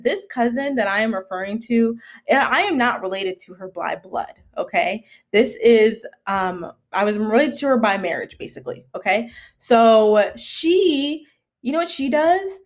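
A woman's voice: fairly high pitch, measured pace. A young woman co-hosting a podcast, telling a story in casual, profane chat and acting out the people in it. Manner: animated, profane, quotes people in shifting voices. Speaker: podcast co-host.

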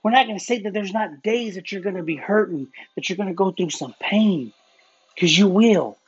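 Husky earnest preacher, dull recording. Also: medium pitch, normal speed. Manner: earnest, stumbling restarts, gym talk. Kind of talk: informal sermon.

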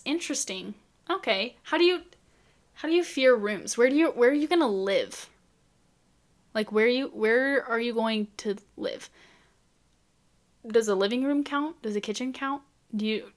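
A young woman vlogging in a casual, chatty way, full of incredulous rhetorical questions. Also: on the high side. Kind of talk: casual chat to camera.

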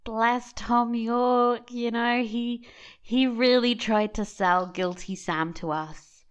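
A woman co-hosting a casual podcast chat, animated and exasperated, laughing often. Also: a little high, slow, smooth. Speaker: podcast co-host.

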